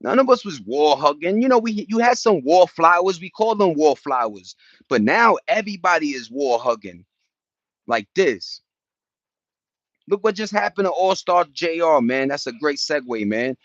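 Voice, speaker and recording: Middle-aged new guy telling stories, slangy and animated, dry kinda dull sound. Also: moderate pace, no echo. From New York. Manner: animated, slangy, jumps into high-pitched impressions and beatboxing. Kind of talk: casual storytelling chat.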